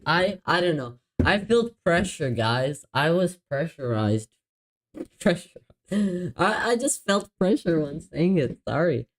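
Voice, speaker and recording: A man hosting a live stream in casual chat, excitable and apologetic, often stumbling over his words and laughing. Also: on the high side, a little slow, low-quality recording. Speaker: livestream host.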